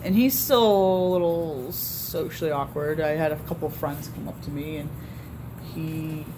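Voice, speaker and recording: A woman's voice: low voice, measured pace, background noise. A woman being interviewed, telling a story in a candid, casual way and acting out the dialogue she quotes.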